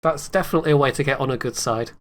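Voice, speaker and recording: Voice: mid-range voice, rapid-fire. A player in a tabletop game, teasing and sardonic while speaking in character. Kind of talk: in-character tabletop role-play.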